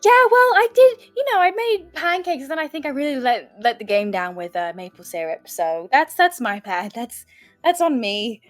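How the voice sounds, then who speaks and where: A woman voicing a frazzled, cheerful parent juggling small kids, high and flustered. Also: sing-song, normal speed, soft background music. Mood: sheepish.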